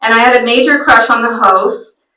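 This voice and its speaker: A woman performing stand-up comedy at a live event, telling stories in a slow, storytelling delivery. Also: fairly high pitch, very noisy. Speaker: stand-up comic. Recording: roomy venue sound from a distant mic.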